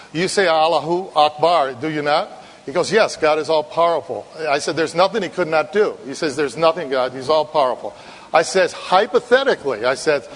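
A man from Ireland, a missionary preacher, giving a sermon in a conversational storytelling way, often repeating words. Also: a little high. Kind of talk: sermon with anecdote. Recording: long reverb in a hall.

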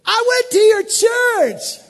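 A man voicing an eager churchgoer who calls out excitedly while shut out of heaven. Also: slow, big-room sound, exaggerated voice. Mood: excited pleading. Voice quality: shouting, excited, high.

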